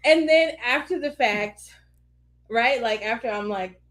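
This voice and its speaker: Woman podcast co-host, thirties, slightly high voice, lively storyteller. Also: measured pace. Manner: animated storyteller, acts out scenes with laughter. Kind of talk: casual chat.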